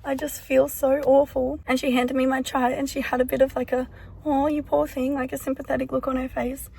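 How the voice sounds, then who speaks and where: A sick young woman with an Australian accent, chatting casually to camera in a rambling vlog full of fillers, sounding hoarse and worn out. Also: high-pitched, monotone, fairly quick, darkish tone. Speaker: vlogger.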